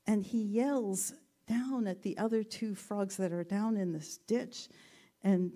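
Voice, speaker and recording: A woman giving a gentle, reflective talk and telling a story, with self-deprecating humor. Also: medium pitch, fairly even intonation, slow.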